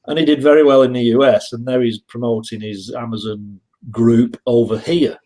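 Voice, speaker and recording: A man with a Northern English accent chats as a guest on a live-stream interview. He rambles through stories, stops and restarts his sentences, and his voice sits at an ordinary male pitch. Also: fairly even intonation, moderate pace, dark tone, poor audio. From England. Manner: rambling anecdotes with frequent restarts. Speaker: guest reseller.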